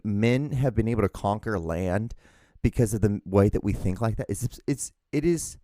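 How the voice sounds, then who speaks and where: A man's voice: medium pitch, dark tone, no echo, clean studio sound. A man hosting a solo podcast, rambling casually and mocking himself, swearing freely and acting out both sides of his conversations. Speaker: podcast host.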